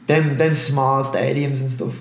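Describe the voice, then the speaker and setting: A man's voice: medium pitch, level tone, measured pace, roomy sound. A man co-hosting a casual football podcast, rambling and often asking "you know what I mean". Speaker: podcast co-host.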